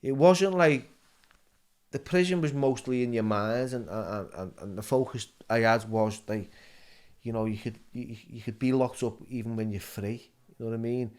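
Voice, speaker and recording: A man's voice: medium pitch, normal speed, a little mellow. A middle-aged man with a Liverpool accent, a guest telling his story in a casual interview, stumbling and repeating words as he goes.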